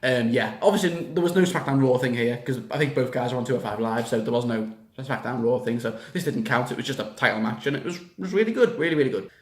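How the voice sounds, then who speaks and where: Excitable, swearing lad, echoey room. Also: male voice, mid-range voice, quick pace, few pauses. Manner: excitable, swears a lot, rants. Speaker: wrestling reaction vlogger. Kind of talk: casual reaction vlog.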